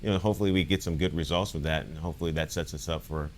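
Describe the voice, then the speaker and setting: A man's voice: rumbling low, fairly even intonation, rapid-fire, a little hiss or hum. A man coaching a soccer team, chatting in a laid-back way with lots of fillers. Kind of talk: casual podcast chat.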